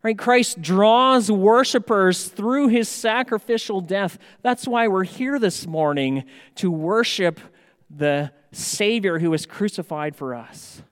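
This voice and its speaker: A man preaching a sermon as pastor, slow and measured, with emphatic rises on key words. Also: sits high, a bit bright, clean tone. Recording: long hall reverb.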